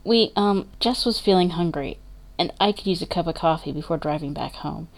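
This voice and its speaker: A soft-spoken grieving sister, gentle and apologetic, as a woman narrator puts her on. She speaks hesitantly and a little higher than the narration. This is understated storybook reading. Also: normal speed, lightly acted.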